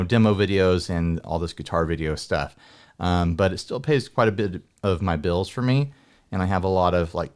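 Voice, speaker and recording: An American man chatting casually as a guest, joking and laughing often as he talks. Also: sits low. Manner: jokey, laughs often, rambling. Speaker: guest guitar video maker. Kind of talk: casual chat.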